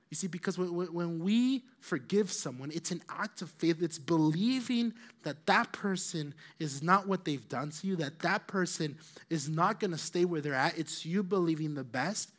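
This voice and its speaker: Animated male preacher, fairly high voice. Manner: animated storytelling, acting out quoted voices, rising loud then dropping soft. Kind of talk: sermon.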